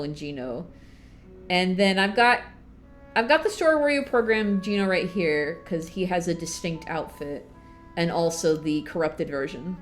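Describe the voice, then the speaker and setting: A woman streamer chatting casually to her viewers, excitable, swinging between mumbles and squeals of laughter. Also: lowish voice. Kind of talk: casual livestream chat.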